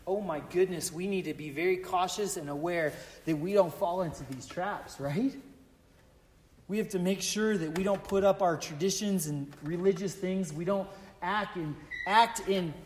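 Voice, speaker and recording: High-voiced earnest preacher in a reverberant hall. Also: male voice, moderate pace, a little hiss or hum. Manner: earnest, emphatic, repeats exclamations. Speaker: pastor. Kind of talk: sermon.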